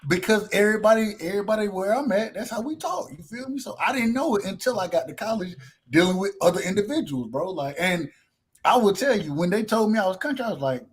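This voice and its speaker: A man from Middle Georgia with a Southern country accent, chatting and telling stories on a boxing panel, quick to laugh. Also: sits high, slightly rough. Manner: laughing, animated storyteller. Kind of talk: casual panel chat.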